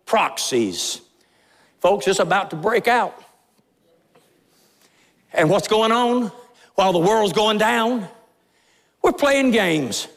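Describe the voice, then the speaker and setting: Male pastor, high voice, fiery emphatic sermon, long echo of a large church hall. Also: gravelly. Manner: fiery, emphatic preaching with rising intensity. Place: church sanctuary.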